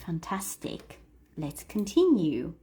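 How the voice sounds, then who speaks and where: A woman teaching English in a livestream, coaching listeners to read aloud and repeat, stressing key words slowly and clearly. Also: fairly low pitch, wildly swooping pitch, mellow.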